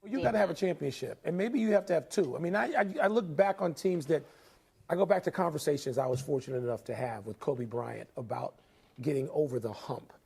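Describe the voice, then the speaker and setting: A male basketball analyst with a gravelly, husky voice, pitched high for a man. He speaks reflectively, leaning hard on his key points as his tone rises and falls. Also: a little fast, a little mellow. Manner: reflective, emphatic storytelling. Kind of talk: sports commentary.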